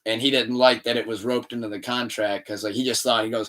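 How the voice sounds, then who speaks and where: A man's voice: mid-range voice, quick pace, few pauses. Man telling a story, mic a bit distant. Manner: animated storytelling, acts out quoted dialogue. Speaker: podcast co-host. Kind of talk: casual podcast chat. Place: room shared with co-host.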